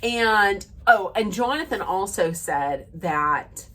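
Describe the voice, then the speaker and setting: A woman's voice: mid-range voice, animated, unhurried, few pauses, fairly bright tone. A woman recapping a reality dating show in a casual, rambling rant, with many fillers and restarts, quoting the cast as she goes. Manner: retells scenes by quoting the cast.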